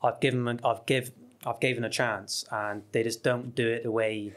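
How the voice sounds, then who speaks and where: A British man, a guest on a podcast, telling stories in a casual, animated way with many fillers and restarts. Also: medium pitch, moderate pace. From United Kingdom. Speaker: guest, travel YouTuber.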